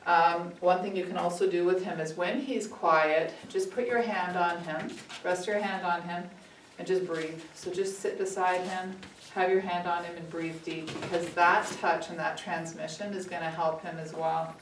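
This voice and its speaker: A woman puppy trainer calmly explaining training exercises to owners. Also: on the low side, normal speed. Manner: calm, steady instructive tone. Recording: echoey room, distant mic, faint noise.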